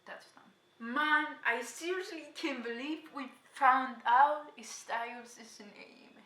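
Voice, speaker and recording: A young woman reacting to a TV episode, excitably talking back at the screen and addressing her viewers. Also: sits high, slow pace, roomy sound. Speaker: reaction vlogger. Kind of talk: casual reaction commentary.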